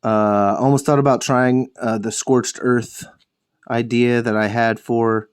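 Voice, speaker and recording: Young man, painting show host, casual rambling chat, self-correcting, jokey, swears now and then, mid-pitched voice. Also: flat delivery, unhurried, smooth.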